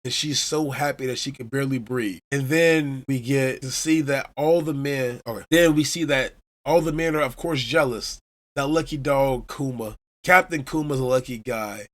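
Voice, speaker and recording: A man from Chicago hosts a casual podcast, retelling each scene with eager energy. His voice sits at an ordinary, middle pitch. He talks like a fan walking friends through the plot. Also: moderate pace, fairly bright tone. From Chicago, USA. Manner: enthusiastic storyteller retelling scenes. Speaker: podcast host. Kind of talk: casual manga chapter recap.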